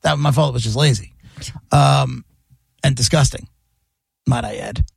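A man's voice: medium pitch, a little slow, gravelly, slightly rough, no echo. A man hosting a radio show, chatting loosely and telling a story with jokes. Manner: loose, joking, rambling storyteller. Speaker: radio host. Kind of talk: casual sports radio banter.

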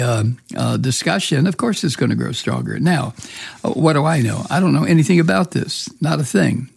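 A man giving opinionated news commentary, angry and sarcastic, swearing often and pausing on many fillers. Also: fairly high pitch, gravelly, breathy edge, no echo, studio quality. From Georgia. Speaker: political commentator.

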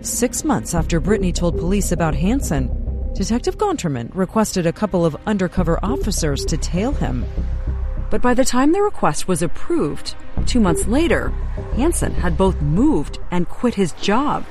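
A woman narrating a news story in a measured, dramatic scripted style. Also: fairly low pitch, sing-song. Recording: voice-over with music underneath.

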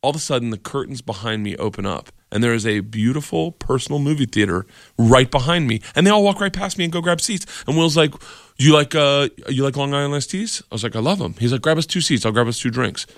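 A man's voice: medium pitch, quick pace, no echo, studio quality. A man, a comedian guest on a radio show, telling a long story, acting out voices and laughing as he goes. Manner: animated, acts out voices and laughs through the story.

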